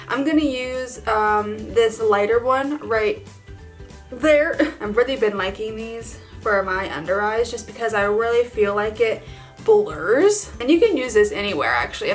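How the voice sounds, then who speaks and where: Chatty, gushing woman beauty vlogger. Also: fairly high pitch. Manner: chatty and gushing, lots of "like" and laughs. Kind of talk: casual makeup tutorial chat.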